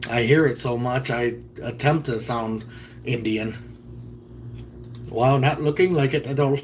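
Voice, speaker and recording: A man's voice: medium pitch, a little slow, slight background noise. A man in his thirties chatting casually with viewers on a livestream, rambling and joking as he answers their questions. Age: 30s.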